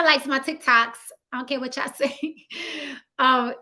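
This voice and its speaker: A woman's voice: sits high, slow pace, pushed and bright. A young woman hosting a livestream, chatting casually, laughing and reading out comments from her viewers, teasing them in slang. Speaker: livestream host. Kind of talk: casual livestream sign-off, talking to chat.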